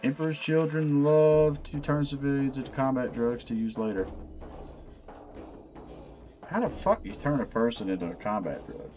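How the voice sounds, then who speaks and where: A man's voice: mid-range voice, expressive, moderate pace, pauses often, darkish tone, soft background music. A man casually chatting while he assembles miniatures. He is laid-back and profane and laughs often. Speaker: channel host.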